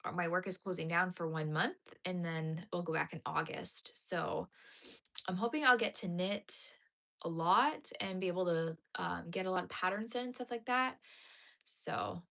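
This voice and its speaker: A woman's voice: fairly low pitch, moderate pace, vocal fry, a bit bright. A tired woman chatting casually with her live-stream viewers from home. She rambles with many fillers and keeps yawning. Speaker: crochet streamer. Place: home, talking to a live chat.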